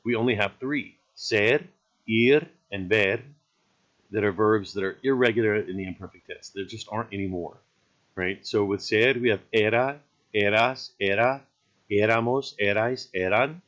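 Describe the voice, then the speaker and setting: A man's voice: fairly low pitch, normal speed, fairly bright tone, muffled recording. A man teaching a recorded grammar lesson in an easygoing, explanatory way, often checking in with "right?".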